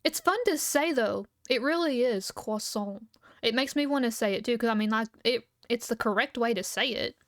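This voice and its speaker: A woman's voice: a little high, fairly quick, few pauses, dry recording, studio quality. A young woman streamer chatting casually and loosely, humming and giggling between thoughts while she eats. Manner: relaxed, rambling, hums and giggles often. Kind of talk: casual livestream chat.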